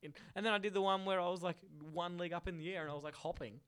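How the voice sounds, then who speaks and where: A man's voice: high voice, steady tone, very fast, fairly bright tone, clear, resonant tone, dry recording. A young man co-hosting a podcast in casual, jokey, enthusiastic chat. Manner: enthusiastic, jokey, laughing often. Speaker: podcast co-host.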